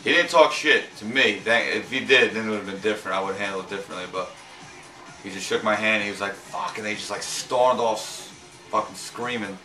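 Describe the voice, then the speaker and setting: A man's voice: lowish voice, brisk, sharp tone. Guy rambling about his tourney weekend, keeps restarting words, kinda far off the mic, echoey room, faint music. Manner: hesitant, repeats words, swears casually. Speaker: fighting-game player recapping a tournament. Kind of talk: casual rambling recap.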